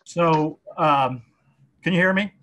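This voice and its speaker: A man's voice: a little high, slow, fairly bright tone. A man, a museum curator, joins a livestream discussion. He talks hesitantly and casually, with many ums and uhs. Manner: hesitant, many filler sounds.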